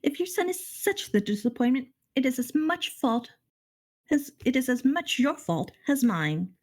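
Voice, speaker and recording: A woman's voice: high voice, lively intonation, unhurried, a little mellow, pitched above the performer's own voice. A woman voicing an indignant mother mouse with a put-on French accent, exasperated and dramatic. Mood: defensive.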